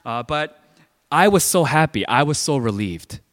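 A man's voice: mid-range voice, expressive, normal speed. A man preaching a sermon in a conversational storytelling way, with many filler words. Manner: conversational, heavy use of filler "like". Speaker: pastor. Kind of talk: sermon told as a personal story. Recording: long hall reverb.

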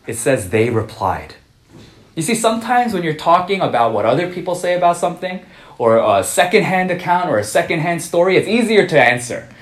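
Man preaching casually in an echoey room. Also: a little high. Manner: conversational, many "uh" fillers and restarts. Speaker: pastor. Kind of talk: sermon.

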